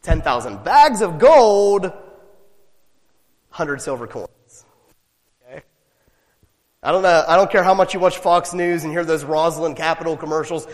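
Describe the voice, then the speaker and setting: Male pastor, animated sermon delivery, fairly high voice, long echoing hall. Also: moderate pace, long pauses. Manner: animated, emphatic preaching with rhetorical questions.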